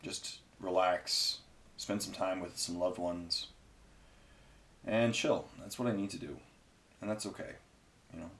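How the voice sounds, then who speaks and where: Man, fairly low voice, casual rambling chat, painting tutorial host, lots of ums. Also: unhurried, long pauses, fairly bright tone, a little hiss or hum. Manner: rambling, chatty, many fillers. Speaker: hobby painting video host.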